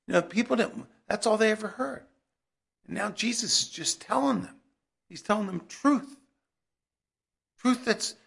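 A man's voice: high voice, a little slow, creaky, long pauses, a bit bright, slightly rough. A man preaching a sermon in a conversational way that builds to emphatic peaks.

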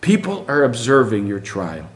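Middle-aged preacher guy, super animated, voice swings all over, keeps asking the crowd stuff. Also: medium pitch, normal speed. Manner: animated, rhetorical questions to the congregation. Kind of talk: sermon.

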